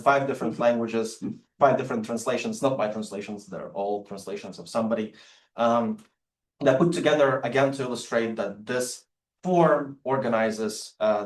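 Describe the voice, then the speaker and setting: A man, a non-native English speaker, giving an academic lecture on poetic forms with many halting fillers and restarts. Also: medium pitch. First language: Latvian. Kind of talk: public lecture with poetry readings. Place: lecture room. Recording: roomy lecture hall sound.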